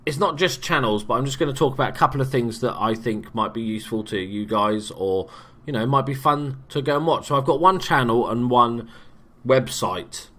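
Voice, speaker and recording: A man's voice: medium pitch, a bit bright. A young man from England giving casual, sweary, jokey let's-play commentary as a gaming YouTuber.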